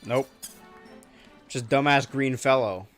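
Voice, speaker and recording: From a low-ceilinged room at home under bright ceiling lights, a man live-streams a video game, talking slowly in a medium, slightly bright voice over faint music. His commentary rambles casually and is full of goofy, jokey asides.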